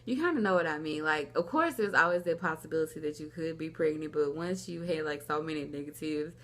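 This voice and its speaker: Speaking low-pitched and briskly, a young woman tells a personal story in a home vlog, indoors. Her telling is loose and rambling, packed with "like," and she acts out people's lines.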